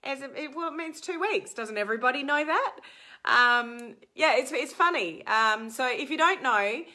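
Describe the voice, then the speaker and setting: Chatty middle-aged Australian woman, bright tone, live-stream coach answering viewers. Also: high-pitched, expressive, normal speed. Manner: chatty, answers viewer comments, frequent ums. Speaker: social media coach.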